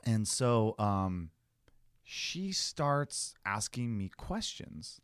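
A man telling a long story in casual chat, acting out the people he quotes with big jumps in pitch. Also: very animated, extremely slow, fairly bright tone, clean tone, dry recording, clean studio sound.

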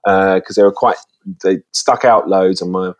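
Low-voiced man telling rambling stories. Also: fairly even intonation, moderate pace. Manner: rambling, many false starts. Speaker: podcast guest. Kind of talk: casual anecdote telling. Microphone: phone.

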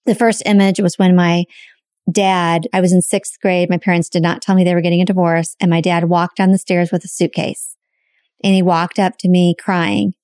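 A woman's voice: on the low side, little pitch movement, moderate pace, darkish tone, no echo, studio quality. A woman co-hosting a podcast, telling a personal story openly and emotionally, swearing casually. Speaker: podcast co-host.

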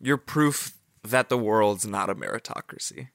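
A man playing a blunt, exasperated high-school college counselor with dry deadpan delivery, in an improvised comedy sketch. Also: unhurried, creaky, no echo. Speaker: comedy podcast co-host.

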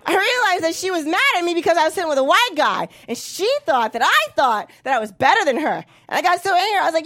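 A woman's voice: sing-song, fast talker, few pauses, a bit bright. A young woman performing a profane stand-up comedy set, jumping into acted-out voices. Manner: brash, profane, acts out voices with big pitch jumps.

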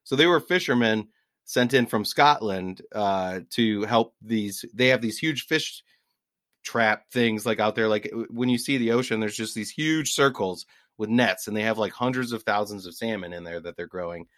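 A man in his forties, a podcast guest telling travel stories in an animated, laughing way. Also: on the low side, normal speed, no echo. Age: 40s. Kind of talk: casual storytelling.

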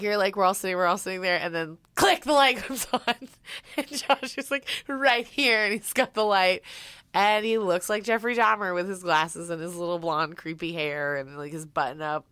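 A woman telling a story in casual chat, animated, swearing and quoting people as she goes. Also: lowish voice, clear, resonant tone, no room sound.

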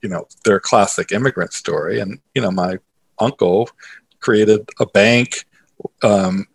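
A man with a somewhat low, husky voice, speaking as an interview guest. He tells a story animatedly and conversationally, filling his sentences with little asides and restarting his thoughts as he goes. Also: a little slow. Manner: animated, many filler phrases and restarts. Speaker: interview guest, author and investor.

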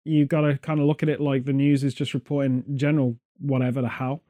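A man's voice: medium pitch, level tone, quick pace, warm tone. A man hosting a podcast, rambling and joking sarcastically in casual chat. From Britain. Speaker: podcast host.

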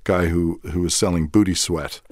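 A man guest talking casually in an interview, telling animated stories, acting out quotes and laughing often. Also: low-pitched, moderate pace, no room sound, studio quality. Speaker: guest actor and director.

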